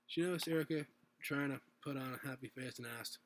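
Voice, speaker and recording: A man's voice: mid-range voice, fast talker, fairly bright tone, slight background noise. A man reading his own story aloud at home, unpolished, with restarts and little asides.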